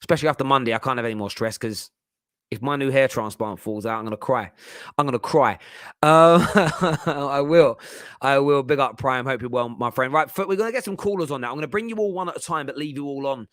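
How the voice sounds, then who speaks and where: A man's voice: mid-range voice, quick pace, a bit bright, dry recording, studio quality. Chatty man in his thirties. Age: 30s. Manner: chatty, laughs often, rambling asides. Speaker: host. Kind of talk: casual chat.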